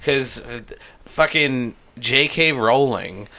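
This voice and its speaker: A man's voice: mid-range voice, slow pace, pushed and bright. A man chatting casually, profane and rambling, cracking crude jokes.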